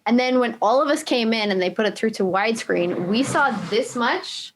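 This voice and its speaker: A woman hosting a casual podcast chats in a fairly high voice, slipping into quoted lines as she tells stories. She keeps things light and reassuring. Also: expressive, normal speed, a little hiss or hum. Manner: chatty, acts out quotes. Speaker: podcast host.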